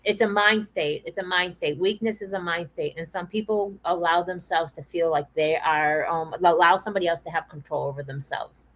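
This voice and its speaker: A woman's voice: lowish voice, moderate pace, hardly any pauses, fairly bright tone, poor audio. A woman hosting a discussion, talking earnestly and repeating phrases for emphasis. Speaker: podcast host. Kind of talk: earnest awareness talk.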